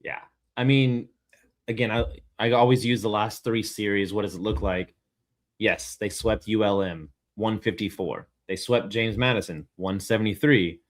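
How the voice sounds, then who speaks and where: This man talks through stats and records in a measured, even way, dropping in wry asides as he goes. His voice sits lower than most men's. He sounds like a regular co-host in easy sports banter. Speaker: co-host of a college baseball show. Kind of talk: casual sports chat.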